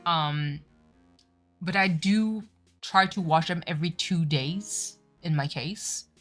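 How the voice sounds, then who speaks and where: Lady streamer just chatting, rambly, lots of ums, lowish voice. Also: takes it slowly, soft background music. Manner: rambling, filler-heavy. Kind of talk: casual chat on a game stream.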